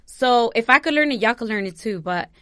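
A woman's voice: on the high side, animated, a little fast, a bit bright, no room sound. A young woman from New Jersey vlogging, giving impassioned personal commentary that circles back on itself, close to tears and swearing freely. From New Jersey, USA.

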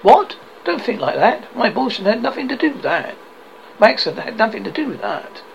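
A man's voice: fairly high pitch, very animated, moderate pace, vocal fry, dull audio, slight background noise. A man reading the lines of a worried young man who plays his troubles down, in a storybook reading. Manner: plays things down.

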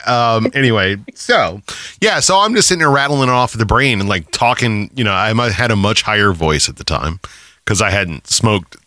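Bright, lively-voiced man bantering on a podcast. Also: on the low side, moderate pace, dry recording, clean studio sound. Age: 30s. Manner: laughs often, rambling, profane storytelling. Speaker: podcast co-host. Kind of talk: casual banter.

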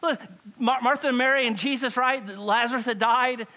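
A male pastor preaching a sermon to a congregation in a church, dropping to hushed lines and rising to loud pleading. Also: very high-pitched, steady tone, fairly quick.

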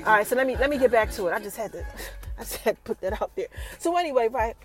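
A woman's voice: fairly high pitch, quick pace, soft background music. A woman hosting a podcast, giving a casual TV episode recap and keeping her listeners involved with questions. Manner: animated, keeps asking the listeners questions. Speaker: podcast host.

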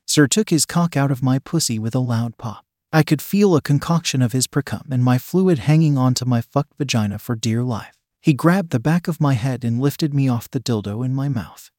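Guy reading an erotic story, steady pace, dry sound, average pitch. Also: no room sound. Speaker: narrator.

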